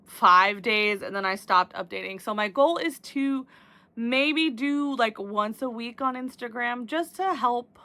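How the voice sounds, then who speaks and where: A young woman who vlogs about diamond painting chats casually to the camera about her crafting goals. Her voice is slightly high and sharp, her pace measured, and she rambles with fillers and restarts.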